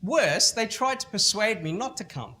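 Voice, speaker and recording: A middle-aged Australian man giving a motivational keynote at a school festival, telling lively anecdotes and acting out other people's lines. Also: sits high, moderate pace. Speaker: motivational speaker. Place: school event stage.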